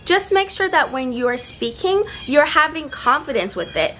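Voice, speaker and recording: A woman's voice: high voice, very animated, fairly bright tone, a little hiss or hum. A young woman in a casual vlog giving earnest, encouraging speaking tips, recorded outdoors with seagulls nearby. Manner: earnest, encouraging, slows for emphasis. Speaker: vlogger giving confidence tips.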